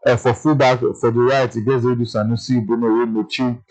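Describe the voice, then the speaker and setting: A man's voice: mid-range voice, little pitch movement, a little fast, darkish tone, rough recording. A man from Nigeria with a Nigerian Pidgin accent, presenting a chatty, opinionated sports news roundup with frequent fillers.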